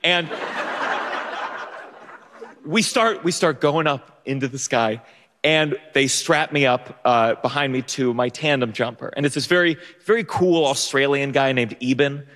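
A man's voice: medium pitch, unhurried, fairly bright tone, big-room sound. A young man telling a funny personal story on stage, stammering through restarts and laughing at himself. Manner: stammering restarts, self-mocking, often laughing. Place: theater stage.

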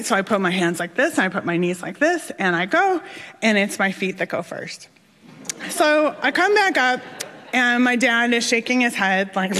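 Animated woman telling a story in a hall. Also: on the high side, unhurried. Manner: animated, self-mocking, laughing through lines. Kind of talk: live personal storytelling. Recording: long hall reverb.

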